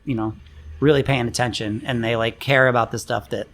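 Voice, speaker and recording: A middle-aged man, a guest co-owning a music venue, talking in a relaxed, halting way with many fillers, lively when telling stories. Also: mid-range voice, a little hiss or hum. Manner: relaxed, halting, full of fillers, animated in anecdotes. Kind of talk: casual interview chat. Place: room by an open window on a busy street.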